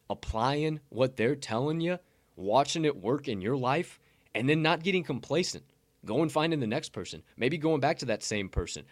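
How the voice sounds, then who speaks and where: On a podcast, a male co-host with a medium-pitched voice gives a casual motivational talk. He's blunt and profane, rambling and restarting often, and the recording has no echo.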